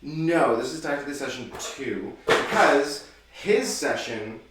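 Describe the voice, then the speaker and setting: A man's voice: mid-range voice, expressive, a little slow, very noisy. A man acting as dungeon master who hosts and narrates a tabletop game like an announcer and laughs often. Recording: echoey room, from far off.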